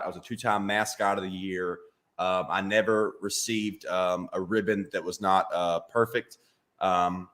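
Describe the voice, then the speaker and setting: A man from Alabama with a thick Southern accent, a comedian telling deadpan, self-mocking stories as a guest in a casual interview. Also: fairly low pitch.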